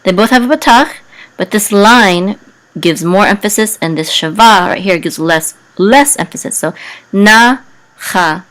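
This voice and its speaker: A woman teaching Hebrew reading and chant in a casual, halting way, with many fillers, breaking into a higher sung tone for the words. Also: fairly bright tone.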